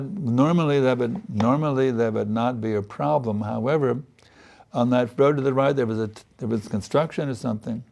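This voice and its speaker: A man's voice: mid-range voice, gravelly, darkish tone. A man giving a spiritual sermon, telling a story and acting out earnest, pleading prayers. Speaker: spiritual teacher.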